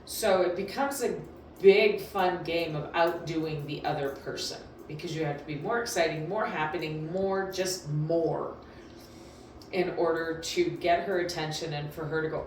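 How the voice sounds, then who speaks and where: A woman's voice: low voice, unhurried, slight background noise. A woman dog trainer giving casual, emphatic instructions in a chatty, repetitive way. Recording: very echoey room, distant mic.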